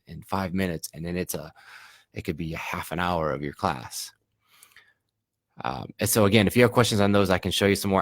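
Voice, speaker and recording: A man, a Spanish teacher, explains classroom activities to other teachers in a relaxed, conversational way, now and then acting out the questions he asks students. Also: low voice, no room sound, studio quality. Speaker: Spanish teacher giving a workshop. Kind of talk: professional development talk.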